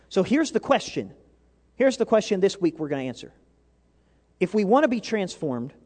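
High-voiced pastor preaching in a reverberant hall. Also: male voice. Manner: animated, conversational preaching with repetitions and restarts. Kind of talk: sermon.

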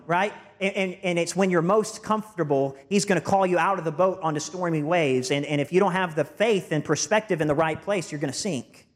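Earnest man preaching a sermon. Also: fairly high pitch. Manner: earnest and emphatic, stumbling restarts. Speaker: pastor.

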